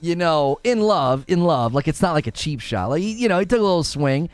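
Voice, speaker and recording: A young male gaming streamer from Northern Ohio chats with his live audience in a high, animated voice that swoops all over. He teases his chat and laughs a lot. The sound is close and dry, with faint music under it. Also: a little fast, clean tone, no room sound.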